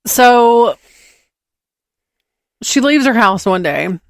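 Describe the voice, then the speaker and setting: A woman's voice: lively intonation, very slow, no echo. A woman with a Southern American accent, co-hosting a podcast and improvising a rambling story, hesitant and full of restarts. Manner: rambling, hesitant, voices characters with small pitch lifts. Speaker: podcast co-host.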